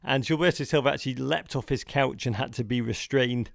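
Gravelly-voiced playful podcast host man. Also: medium pitch, a little fast, no room sound, studio quality. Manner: playful, theatrical turns of phrase. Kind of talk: casual podcast conversation.

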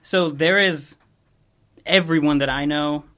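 A young man hosting a podcast, telling a story in casual chat with a laid-back, rambling manner and quick chuckles. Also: fairly high pitch, pushed and bright. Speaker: podcast host.

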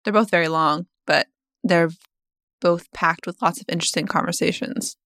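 A woman co-hosting a podcast in casual book-discussion chat, talkative and quick to laugh. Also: fairly low pitch, fairly even intonation, a bit bright, dry recording, studio quality. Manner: chatty, laughs easily. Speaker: podcast co-host.

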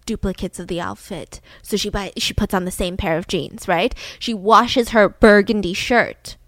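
A young woman hosting a podcast, narrating a true-crime story in a casual, animated way and acting out scenes between her own asides. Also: mid-range voice, normal speed, no echo. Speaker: podcast host.

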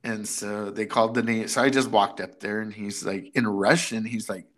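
A man's voice: on the low side, moderate pace. A middle-aged man telling a story in casual conversation, slipping into the voices of the people he quotes. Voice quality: animated storyteller, acts out quotes. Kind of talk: casual chat.

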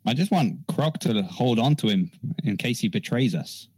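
A man's voice: mid-range voice, animated, normal speed, a little mellow, breathy edge, no echo, poor audio. A man playing a tabletop game, talking through plans in a playful, scheming way and chuckling now and then. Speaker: player. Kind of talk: casual tabletop game play.

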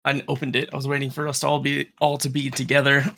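A man's voice: medium pitch, monotone, quick pace, vocal fry, bright, forceful tone. A man playing a tabletop game over a video call, talking in a matter-of-fact, dry-humored way. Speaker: player. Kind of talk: casual play over a call.

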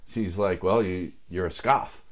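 A man with a very low, deep voice tells a long story in casual chat. He swears freely and acts out what everyone said. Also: measured pace. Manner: profane, animated anecdote-telling with quoted dialogue.

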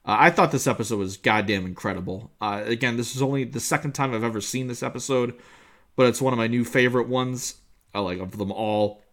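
A man's voice: medium pitch, brisk, a bit bright. A man co-hosting a podcast, chatting casually and enthusiastically about an episode, full of fillers and restarts. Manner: enthusiastic, rambling with many fillers. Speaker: podcast co-host. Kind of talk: casual chat reviewing an episode.

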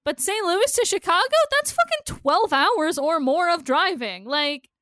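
A woman's voice: extremely high pitch, very animated, measured pace, fairly bright tone, no room sound, clean studio sound. A woman co-hosting a podcast in casual chat, blunt and sarcastic with frequent swearing. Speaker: podcast co-host.

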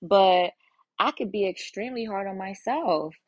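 Her medium-pitched voice is slightly rough and moves at a normal speed, with no room sound at all. As host of her own solo podcast, this young woman speaks candidly and casually, swearing plenty and frequently voicing her inner thoughts.

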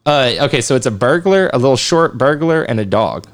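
A laid-back man hosting a casual podcast, with a middling, ordinary voice. He jokes loosely and keeps the banter going. His delivery is relaxed and conversational. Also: mid-range voice, a little fast. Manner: laid-back joking quiz-giver. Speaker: podcast host. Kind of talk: casual chat.

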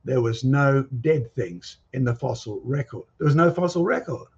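A guest speaker on creation and fossils gives a lecture with slides and audience questions, his husky, slightly rough voice at medium pitch and moderate pace. Expressive, emphatic and insistent, he fires rhetorical questions and challenges at listeners. The lo-fi recording sounds dull, its top end rolled off.

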